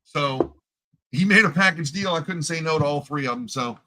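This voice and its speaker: A man co-hosting a casual chat, joking and chatty with drawn-out asides. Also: on the high side, pushed and bright, slight background noise, poor audio. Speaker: co-host. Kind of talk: casual chat about coin collecting.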